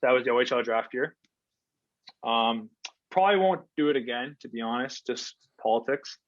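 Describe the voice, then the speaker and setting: A man's voice: mid-range voice, normal speed, no room sound. Laid-back man telling hockey stories. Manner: laid-back, rambling with fillers. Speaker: guest, former hockey player. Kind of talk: casual storytelling interview. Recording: dull lo-fi remote audio.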